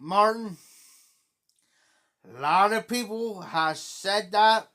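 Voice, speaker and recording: A man's voice: high voice, slow pace, pushed and bright. A middle-aged man from Ohio with a southern Ohio Appalachian accent, hosting a livestream in a folksy, rambling casual chat and greeting viewers by name. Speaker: livestream host.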